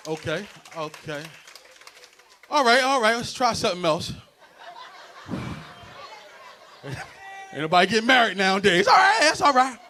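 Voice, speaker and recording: A man doing a stand-up comedy set, loud and animated, working the crowd between bits. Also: high voice, normal speed, pauses often, a little hiss or hum. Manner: loud, animated crowd work with frequent laughs. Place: stage before a live audience.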